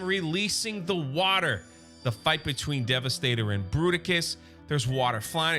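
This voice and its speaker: A man's voice: high-pitched, pushed and bright. A man casually recapping a comic story as an enthusiastic fan, loose and chatty with some restarts. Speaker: comic book YouTuber.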